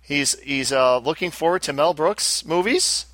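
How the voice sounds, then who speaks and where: A man's voice: on the high side, expressive, unhurried, fairly bright tone, dry recording. A man co-hosting a casual pinball podcast, laughing and teasing through the banter. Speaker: podcast co-host. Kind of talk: casual chat.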